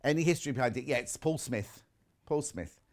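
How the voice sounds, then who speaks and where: A male shopping channel presenter with a medium-pitched voice talks a little fast. He chats live in a studio, reading out viewer messages and cracking self-mocking jokes in a chatty, jokey manner.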